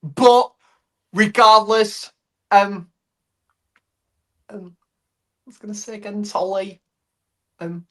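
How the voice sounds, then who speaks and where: A woman, chatting casually on a livestream in an unhurried, hedging way that circles back on itself. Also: medium pitch.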